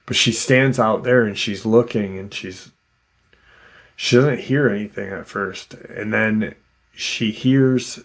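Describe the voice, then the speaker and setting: Man, host, low voice, slow pace, casual story retelling, conversational. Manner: loose and conversational, full of "um" and "you know".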